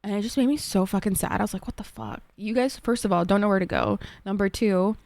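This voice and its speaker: Her voice is medium-pitched, gravelly and darkish, and she talks fast, with no room sound. A young Egyptian streamer, she answers viewers casually from her desk at home, saying "like" constantly and swearing often.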